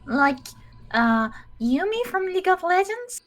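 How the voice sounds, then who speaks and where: A woman's voice: very high voice, very animated, measured pace, a little hiss or hum. A woman guest in a casual chat, hesitant and shy, giving short answers. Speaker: workshop guest.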